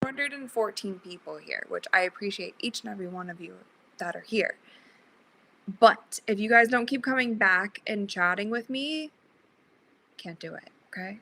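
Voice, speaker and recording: Bright-voiced young woman livestreaming. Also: mid-range voice, moderate pace, creaky, poor audio. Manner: chatty, reads viewer comments aloud, laughs often. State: sleepy, yawning. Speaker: livestream host. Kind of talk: casual livestream chat.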